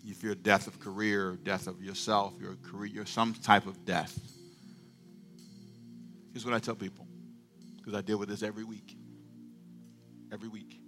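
A middle-aged male pastor preaching a sermon, moving from quiet storytelling to fervent call-and-response shouting. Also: on the low side, little pitch movement, normal speed, pauses often, soft background music.

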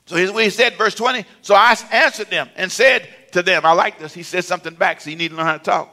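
A man's voice: high voice, fairly quick, sharp tone. An older man preaching a sermon, rising in emphasis and calling for answers from the congregation. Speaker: pastor.

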